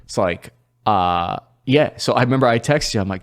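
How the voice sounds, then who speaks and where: A man's voice: fairly low pitch, expressive, moderate pace. A man who is a guest on a casual podcast, talking candidly and self-consciously and laughing at himself.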